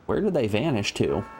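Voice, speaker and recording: A man's voice: mid-range voice, a little mellow, slight background noise. A man streaming a video game, joking and thinking aloud in casual commentary.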